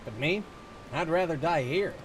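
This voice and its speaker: A man's voice: on the high side, moderate pace, a little hiss or hum, voice pushed up, close to an everyday voice. A man reading game dialogue aloud, voicing a hardened resistance soldier in a blunt, matter-of-fact way.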